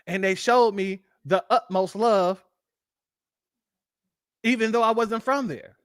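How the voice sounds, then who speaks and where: A man from Los Angeles hosting a casual livestream, talking in an animated way and jumping into a high playful voice when he quotes people. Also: takes it slowly, clean tone, dry recording, studio quality. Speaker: livestream host.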